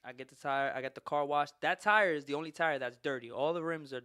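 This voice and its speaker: A man's voice: a little high, quick pace, clean tone, no echo, clean studio sound. A man hosting a podcast, telling a long story in casual, profane chat and laughing as he goes. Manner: animated, profane, laughs through his story. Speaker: podcast host.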